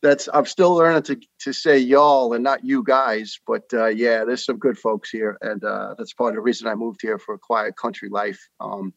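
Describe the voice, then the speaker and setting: A man in his fifties with a New York accent, a podcast guest telling stories earnestly with many pauses and uhs. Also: mid-range voice, fairly even intonation, gravelly, no echo, muffled recording. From New York City. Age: 50s. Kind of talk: casual interview talk.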